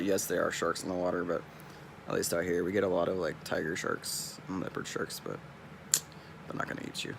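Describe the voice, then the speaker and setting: A man's voice: low-pitched, flat delivery, a little fast, gravelly, fairly bright tone, a little hiss or hum. A young man from California with a Californian accent, rambling in a laid-back, casual vlog monologue. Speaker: streamer.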